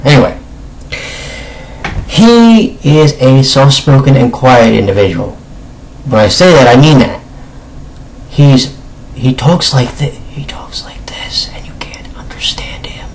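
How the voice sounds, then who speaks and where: Male reviewer with a mid-range, slightly hoarse voice. Casual and emphatic, with lots of self-corrections. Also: medium pitch, low-quality recording. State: slightly hoarse, clearing his throat. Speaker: anime reviewer. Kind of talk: casual spoken video review.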